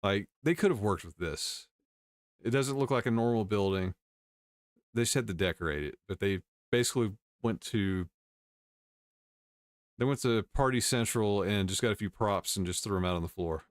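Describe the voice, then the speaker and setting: A man's voice: on the low side, moderate pace, dry recording, studio quality. A male host casually reading and commenting on news stories, wry, with chuckling asides.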